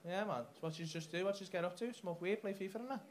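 A man's voice: high voice, fast. A man doing crowd-work stand-up on a comedy club stage, brash and sweary, teasing audience members. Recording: noisy live club recording. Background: audience laughter.

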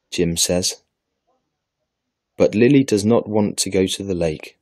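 A man narrating a children's English lesson in a clear, deliberate storybook reading. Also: deep voice, darkish tone, no room sound, clean studio sound. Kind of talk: slow scripted storybook narration.

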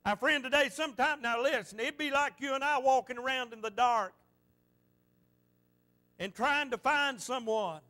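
A male pastor delivering a fervent sermon. His voice is high and bright with a sharp, forceful edge. He repeats phrases for emphasis and tells stories as he preaches. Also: moderate pace, pauses often. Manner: fervent, repetitive preaching with storytelling.

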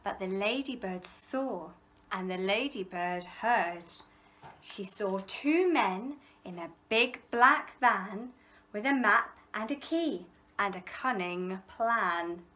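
A library storyteller reads a rhyming picture book aloud to children, taking it slowly in a medium-pitched voice. Her delivery is rhythmic and expressive, with playful animal noises.

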